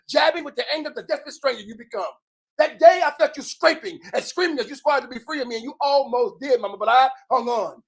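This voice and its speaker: A man performing a spoken word poem on a bookshop stage, dramatic and swinging between loud and hushed, who also hosts the event. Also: extremely high pitch. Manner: dramatic, swells and drops in loudness. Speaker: host and spoken word poet. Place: bookshop stage before an audience.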